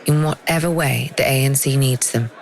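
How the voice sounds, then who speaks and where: A woman giving scripted documentary narration in a measured, dramatic storytelling manner. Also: extremely low pitch.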